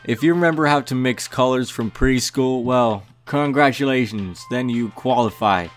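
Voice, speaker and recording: A man's voice: medium pitch, moderate pace, faint music behind. A young man giving comedic, mock-arrogant gameplay commentary, brash and swearing often. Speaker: gaming youtuber.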